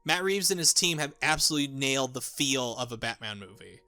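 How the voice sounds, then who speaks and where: A man's voice: mid-range voice, animated, a little fast, bright, forceful tone, clean tone. A young man giving a casual, rambling movie review, often restarting his sentences and swearing. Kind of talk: casual spoken film review.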